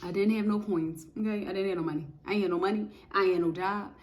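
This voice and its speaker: A woman giving a casual spoken testimony of faith, telling her story in an animated, emphatic way with lots of repetition. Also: medium pitch, quick pace.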